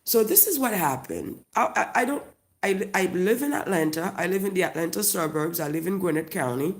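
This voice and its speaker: A comedian with a Haitian accent tells a profane, loud, mocking story straight to camera. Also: mid-range voice, expressive, brisk.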